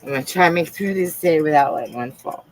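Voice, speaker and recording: A woman live streaming from home, talking in a soft, halting, confiding way with frequent pauses. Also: deep voice, poor audio. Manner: emotional and confiding. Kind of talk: casual live-stream chat.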